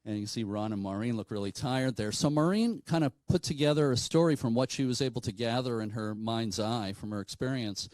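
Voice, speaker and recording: A man's voice: medium pitch, brisk, hardly any pauses, a little mellow, dry recording, rough recording. A man from New telling a ghost story to an audience in a conversational way, with frequent fillers and asides. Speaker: paranormal speaker.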